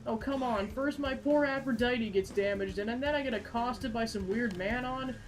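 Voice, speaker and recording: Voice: mid-range voice, normal speed, music in the background, close to an everyday voice, low-quality recording. A gamer voicing an indignant, hot-headed young man while reading game dialogue aloud. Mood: angry. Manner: whiny and indignant.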